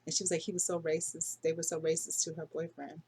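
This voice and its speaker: A woman's voice: low-pitched, little pitch movement, fast talker, darkish tone, slight background noise. A middle-aged woman talking casually through her dreams in a rambling, unsure way, full of fillers and self-corrections. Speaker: dream vlogger. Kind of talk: casual dream diary monologue.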